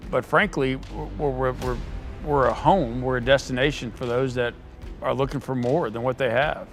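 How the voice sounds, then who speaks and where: A middle-aged man, a company owner, giving an earnest interview pitch for his business and often repeating words as he restarts. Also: steady tone, moderate pace, soft background music. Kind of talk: promotional interview talk.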